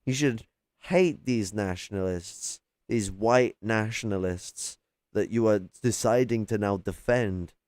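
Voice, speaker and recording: A man's voice: lowish voice, unhurried, darkish tone, dry recording, clean studio sound. A man in a heated, profane livestream rant, mocking and arguing with chat. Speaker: livestream host.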